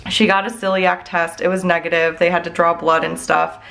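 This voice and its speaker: A woman's voice: on the low side, flat delivery, fairly quick, creaky, fairly bright tone. Rambling, worried woman vlogger. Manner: rambling, heavy use of "like" and "I don't know"; candid and worried. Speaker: budget vlogger and mom. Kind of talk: casual chat to viewers.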